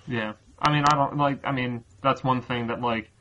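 A man's voice: mid-range voice, fairly even intonation, normal speed, pushed and bright. Guy rambling on a casual podcast, tons of ums, kinda muffled lo-fi sound. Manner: rambling, filler-heavy, restarts often. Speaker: podcast host. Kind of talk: casual chat. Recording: dull lo-fi recording.

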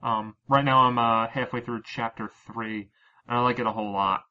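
A man's voice: mid-range voice, fairly even intonation, normal speed, sharp tone. A man hosting a casual chat, rambling with many fillers and restarts. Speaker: podcast host. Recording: dull lo-fi recording.

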